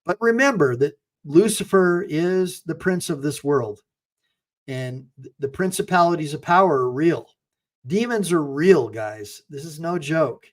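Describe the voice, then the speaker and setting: A man's voice: fairly high pitch, expressive, measured pace. A middle-aged man hosting a livestream, talking emphatically to his viewers, often repeating himself and preaching. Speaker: attorney and channel host.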